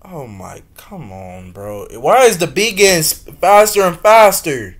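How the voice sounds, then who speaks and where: A young man casually reacting to a music video, talking in slang, swinging between loud exclaims and low mutters, laughing often. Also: big pitch swings, unhurried. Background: faint music from the video being watched.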